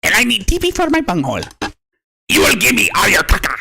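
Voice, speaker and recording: A man voicing a frantic cartoon teenage alter ego who rants and makes demands in a shrill voice. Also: wildly swooping pitch, fast talker, gravelly, a little hiss or hum, exaggerated voice. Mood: ranting. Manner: shouted, wild high-pitched ranting.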